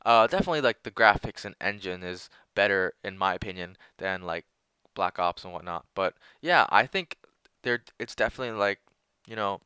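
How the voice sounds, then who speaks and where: Young man rambling over gameplay, crisp bright voice. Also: lowish voice, expressive, normal speed, no room sound. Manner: rambling, heavy on filler words and restarts. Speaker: gaming commentator. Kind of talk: casual gameplay commentary.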